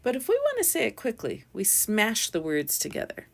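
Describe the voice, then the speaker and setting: A woman's voice: on the high side, wildly swooping pitch, moderate pace, vocal fry. A woman teacher giving a patient phonics lesson to young children, sounding out letters and syllables one by one.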